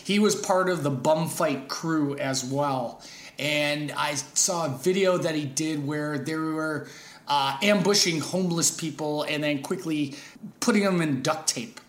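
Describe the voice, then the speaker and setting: A man telling stories as a podcast guest, rambling and halting, breaking into laughs often. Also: on the high side, reverberant. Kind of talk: casual storytelling chat.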